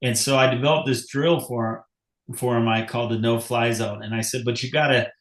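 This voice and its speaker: Mid-pitched male host in an echoey room. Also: flat delivery, fairly quick. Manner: reflective, explanatory storytelling. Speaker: podcast host, coach. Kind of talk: casual interview talk.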